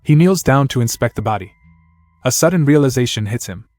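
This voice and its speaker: Male recap narrator, even scripted delivery, dry, soft music bed. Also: mid-range voice, brisk, dry recording. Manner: even, storytelling read.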